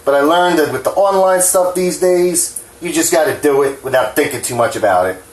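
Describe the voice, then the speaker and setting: A man's voice: fairly high pitch, a little fast. A man from New Jersey chatting casually while he cooks at home, rambling and frank, swearing freely and joking at his own expense, his hands shaking a little. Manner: rambling, frank and profane, self-deprecating. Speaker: home cooking vlogger. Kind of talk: casual rambling cooking talk. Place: home kitchen. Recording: echoey kitchen with faint clatter.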